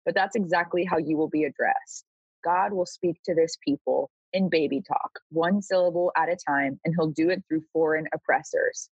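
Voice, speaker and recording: Breathy reader on a dull, lo-fi line. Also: mid-range voice, moderate pace, no echo. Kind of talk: reading scripture aloud. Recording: dull, lo-fi, dry sound.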